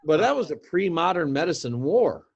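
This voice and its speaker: A man in casual chat, speaking calmly in brief replies. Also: fairly high pitch, normal speed, vocal fry, breathy edge. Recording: dull lo-fi audio.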